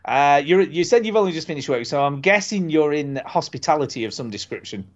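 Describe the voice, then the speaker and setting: Animated male podcast host. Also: fairly high pitch, brisk, highs cut off. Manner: chatty, teasing, laughs often. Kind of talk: casual podcast chat.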